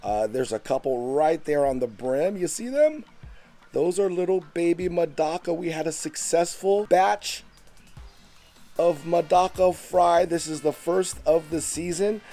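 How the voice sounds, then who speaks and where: A man vlogging outdoors beside his backyard koi pond, talking casually and eagerly into a handheld phone camera, his voice jumping up on the exciting bits. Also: measured pace, soft background music. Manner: enthusiastic, chatty, pitch jumps up on exciting points. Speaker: fish keeper vlogger. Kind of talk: casual show-and-tell vlog.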